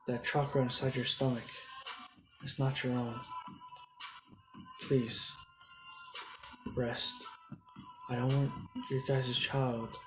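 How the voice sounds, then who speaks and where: A brash young ninja hero speaks in a casual, slangy way with a fairly flat, level delivery, as a man reads him in a fan story. Music plays clearly behind him. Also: medium pitch, close to an everyday voice, poor audio.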